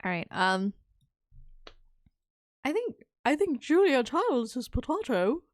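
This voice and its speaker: Young woman streamer, higher voice, loose chatty commentary with frustrated swearing. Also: very animated, takes it slowly, no room sound. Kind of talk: casual live-stream commentary while playing.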